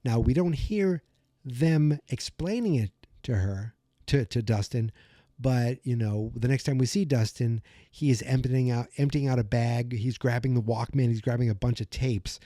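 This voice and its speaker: Mellow chatty man recapping a show. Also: mid-range voice, moderate pace, dry recording, studio quality. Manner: chatty, full of "you know" and "like"; acts out character lines while retelling. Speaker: podcast host. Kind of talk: casual episode recap.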